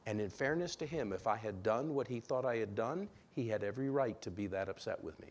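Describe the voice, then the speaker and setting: Lively, low-voiced man giving a church seminar. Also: brisk, slight background noise. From Rhode Island. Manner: animated, acts out dialogue with sudden pitch jumps. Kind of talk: relationship seminar talk in church. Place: church sanctuary.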